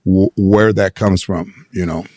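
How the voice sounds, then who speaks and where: A man's voice: deep voice, unhurried, no room sound, studio quality. A man telling stories casually on a podcast as a comedian guest, swearing freely and acting out the people in his stories. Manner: profane, animated, acts out the people in his stories.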